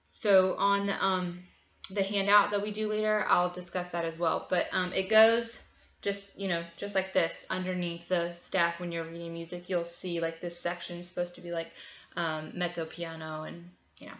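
A woman's voice: fairly low pitch, level tone, moderate pace, fairly bright tone, reverberant, lo-fi sound. A woman music teacher casually walking other teachers through a lesson plan, chatty with frequent ums. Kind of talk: tutor explaining a lesson plan.

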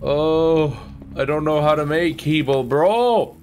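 A man's voice: a little high, takes it slowly, darkish tone, slight background noise. A man streaming a game live, swearing freely as he plays and reading the game's text aloud. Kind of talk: live gameplay commentary.

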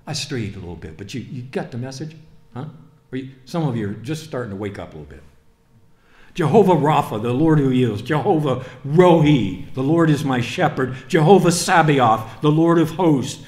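A male pastor preaching a sermon in a church, moving from quiet asides to fervent, rising preaching. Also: mid-range voice, lively intonation, normal speed. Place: church sanctuary. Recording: roomy church reverb.

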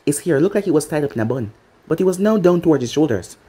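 A narrator reading a fan story aloud in a plain, even manner. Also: mid-range voice, fast talker, husky.

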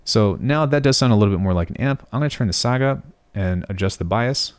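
Low-voiced man thinking aloud while teaching. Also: animated, fast, soft background music. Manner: thinks aloud, corrects himself often. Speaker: music production tutor. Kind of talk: screen-recorded software tutorial.

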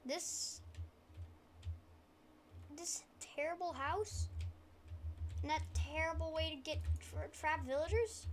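Rambling woman gamer talking softly. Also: high-pitched, slow pace, long pauses, slight background noise. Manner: rambling, self-deprecating, trying to talk quietly. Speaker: gaming YouTuber. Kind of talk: casual gameplay commentary.

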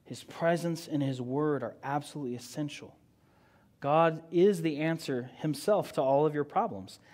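A man's voice: a little high, normal speed. Emphatic male preacher. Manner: emphatic, swings from loud declaring to quiet asides; conversational, with frequent "right?" and "you know". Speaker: pastor. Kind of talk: sermon.

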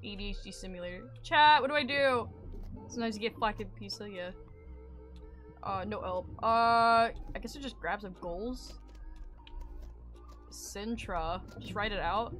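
A woman's voice: mid-range voice, a little slow, long pauses, a bit bright, soft background music. A woman game streamer chatting casually, rambling and swearing in joking commentary.

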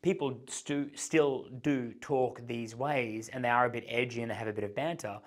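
A man giving an instructional talk as a dating coach, explaining step by step and changing his pace and pitch to act out examples. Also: fairly even intonation, normal speed.

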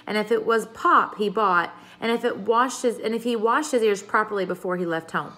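A woman's voice: medium pitch, a little fast, sharp tone, lightly acted, rough recording. A woman reading aloud and voicing a cheeky, fearless young girl who boasts in tall tales. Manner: bold, tall-tale boasting.

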